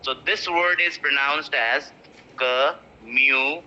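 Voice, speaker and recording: Bright-voiced teacher. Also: male voice, medium pitch. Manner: repeats words slowly, stretching the stressed syllable. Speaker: English pronunciation teacher. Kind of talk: spoken English lesson. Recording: muffled lo-fi audio.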